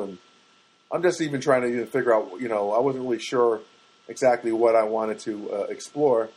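A man's voice: mid-range voice, brisk, a little mellow, husky, poor audio. A man in his fifties rambling through comic stories with exasperation, acting out phone calls.

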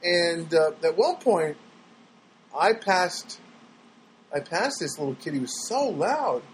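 High-voiced man ranting sarcastically about daily life, faint noise behind; casual monologue read. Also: lively intonation, slow, poor audio. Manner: rambling with restarts. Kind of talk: storytelling monologue.

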